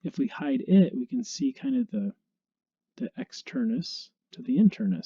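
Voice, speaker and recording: A man teaching anatomy in a relaxed, conversational way, walking through the muscles one by one. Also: medium pitch, dull audio. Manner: relaxed and conversational, with small restarts. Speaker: instructor. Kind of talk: casual anatomy lecture.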